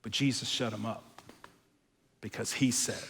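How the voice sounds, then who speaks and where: A male pastor preaching a sermon, telling a story with animated acted-out voices and dropping to quiet, intense moments. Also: lowish voice, a little slow, long reverb tail, a little hiss or hum. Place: church auditorium.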